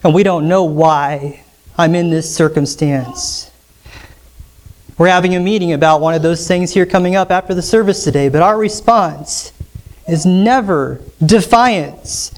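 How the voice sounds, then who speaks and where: A man preaching a sermon as pastor, emphatic and rising sharply on key lines, slowing down when quoting scripture. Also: high voice. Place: church sanctuary.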